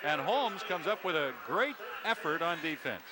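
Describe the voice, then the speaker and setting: A man with a high voice calls the football game play by play in a crisp, steady broadcaster's manner. Loud stadium noise rolls behind him the whole time. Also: normal speed. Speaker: play-by-play announcer.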